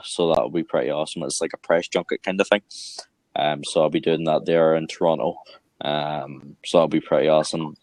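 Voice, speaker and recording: A man's voice: a bass voice, no echo. A young man giving casual, hesitant answers as an actor in an interview. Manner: hesitant, many fillers and restarts.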